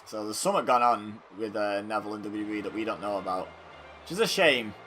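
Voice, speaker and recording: A man's voice: lowish voice, fast, slight background noise. A young man with a Salford accent, the host of a gaming channel, giving chatty, rambling commentary over a video game wrestling match. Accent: Salford, Greater Manchester. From England. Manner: chatty and animated, rambling asides.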